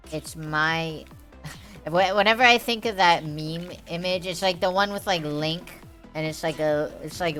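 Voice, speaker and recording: A young woman rants at her stream chat in a bright, edgy voice that sits a bit low, swearing freely and trailing through fillers. Faint game music plays underneath. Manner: profane, heated, rambling with many fillers. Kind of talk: rambling live-stream chat.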